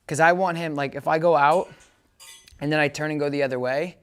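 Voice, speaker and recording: A man teaching dog training in a relaxed demonstration. He explains each step casually and often checks in with the listener. His short commands to the dog come out bright and encouraging. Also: on the high side, fairly quick, smooth. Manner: chatty, keeps checking understanding. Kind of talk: casual hands-on training demo.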